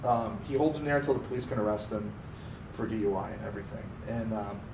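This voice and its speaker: A man from Pennsylvania, co-hosting a car podcast, telling a story in a casual, animated way and acting out the voices he quotes. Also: fairly low pitch, quick pace. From Pennsylvania, USA. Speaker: podcast co-host. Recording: roomy, distant mic with faint noise.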